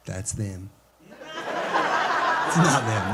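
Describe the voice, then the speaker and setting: A young man doing a stand-up comedy set on a club stage into a handheld mic, crude and mock-exasperated with a deadpan edge. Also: fairly low pitch, a little slow, heavy background noise. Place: comedy club stage before a laughing audience.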